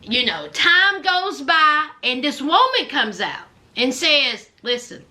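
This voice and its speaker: A woman's voice: sits high, slow pace. A woman recapping a reality TV show in casual, chatty commentary, gushing and acting out what people said. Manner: animated storyteller who acts out quotes; chatty and gushing, with many fillers.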